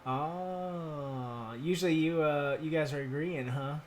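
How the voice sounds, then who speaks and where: A man's voice: on the high side, slow. A young man chatting casually on a livestream while building a keyboard, answering viewers in laid-back, slangy banter full of swearing.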